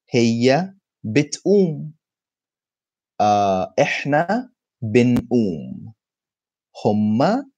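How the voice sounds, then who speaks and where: A man with an Egyptian accent teaching his language in a relaxed, chatty live lesson, tired and reading viewer comments aloud. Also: mid-range voice, dry recording. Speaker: Arabic teacher. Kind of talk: casual live-stream lesson.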